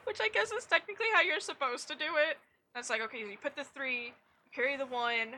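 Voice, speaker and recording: Young woman, game streamer, loose sweary chatter, bright, crisp tone. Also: sits high, a little fast. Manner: chatty, self-mocking, swears freely. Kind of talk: casual gameplay chat.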